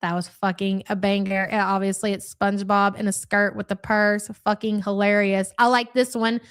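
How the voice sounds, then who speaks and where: A woman's voice: medium pitch, little pitch movement, moderate pace, clear, resonant tone. A woman hosting a live reaction stream, speaking in a crude, mocking and chatty way as she reads out viewer comments. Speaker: livestream commentary host.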